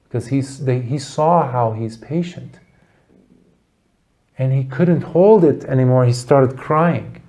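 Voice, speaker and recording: A man giving a Buddhist dharma talk, telling a story earnestly with dramatic pauses. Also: medium pitch, dark tone. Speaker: Buddhist teacher.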